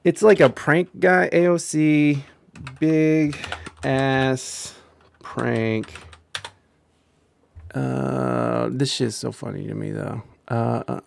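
A man's voice: medium pitch, steady tone, drawn-out words, creaky, pauses often. A man hosting a stream, reacting to clips with crude, profane, rambling commentary and frequent laughter. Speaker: streamer host. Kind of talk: casual reaction chat.

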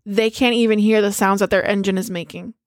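A woman in casual chat, retelling a movie in a lively way, swearing freely and acting out the characters' lines. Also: medium pitch, fairly quick. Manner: animated storyteller, swears freely, acts out quotes.

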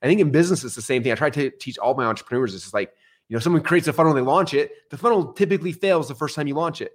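A middle-aged man, a podcast guest, telling stories in a casual, animated way. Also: on the high side, very fast. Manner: animated, swings into excited outbursts. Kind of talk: casual storytelling.

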